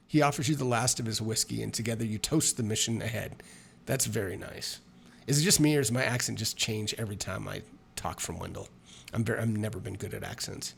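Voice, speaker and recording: Gravelly man reading a solo game aloud. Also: on the low side, brisk. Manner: chatty, self-mocking asides. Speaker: solo tabletop game player and narrator. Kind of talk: reading an adventure book aloud with casual asides.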